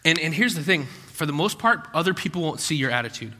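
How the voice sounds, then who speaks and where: A man's voice: a little high, expressive, quick pace, sharp tone. A man preaching a sermon in a conversational way, full of rhetorical questions and acted-out quotes. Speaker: pastor. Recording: long hall reverb.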